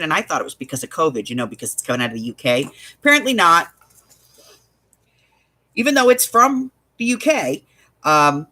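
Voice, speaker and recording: A woman's voice: deep voice, bright, forceful tone. A woman running a craft shop, telling a story in casual chat, with exasperated asides. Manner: chatty storytelling, exasperated asides, laughs often.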